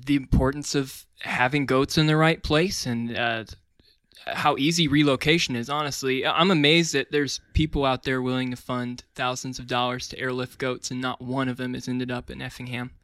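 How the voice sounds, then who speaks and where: A man's voice: mid-range voice, steady tone, moderate pace, a bit bright, no echo. A man appearing as a guest in a comedic chat, speaking with mock earnestness.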